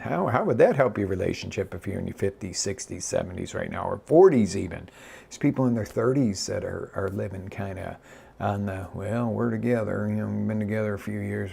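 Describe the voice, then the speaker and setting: A male life coach talks straight to his audience with lively energy, often breaking off and restarting his sentences. His voice sits somewhat low and is deeply gravelly, with a rough, husky edge throughout. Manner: energetic coaching, direct address with many restarts. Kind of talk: live motivational talk.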